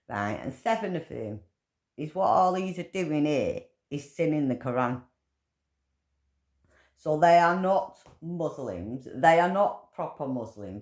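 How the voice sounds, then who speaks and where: Swearing woman ranting in an echoey room. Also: sits low. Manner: heavy swearing, rambling, grows loud and heated. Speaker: vlogger. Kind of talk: ranting monologue to camera.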